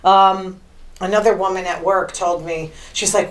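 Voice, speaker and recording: A woman's voice: mid-range voice, steady tone, a little slow, low-quality recording. A woman hosting her own show, telling rambling stories about her week in a chatty, casual way with lots of fillers. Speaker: podcast host. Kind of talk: casual monologue.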